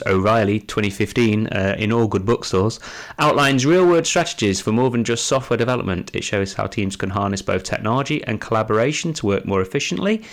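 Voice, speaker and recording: Man, English accent, podcast co-host, upbeat and chatty, casual talk. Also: mid-range voice.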